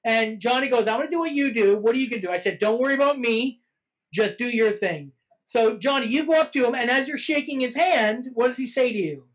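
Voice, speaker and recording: A man hosting a casual podcast, briskly steering the talk and telling his side of a story. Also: very high-pitched, fairly bright tone, poor audio. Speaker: podcast host.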